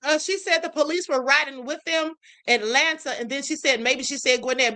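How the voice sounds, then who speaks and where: A woman hosts a livestream and reacts to clips. Her voice is high and bright, and she talks in a sassy, casual way, calling viewers honey and baby. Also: a little fast, few pauses. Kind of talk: casual commentary.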